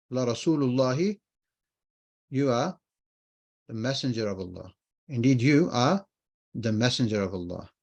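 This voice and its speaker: Teaching an online Arabic class, a man explains patiently, repeats key phrases, and poses questions he then answers himself. His voice is medium-pitched with a darkish tone.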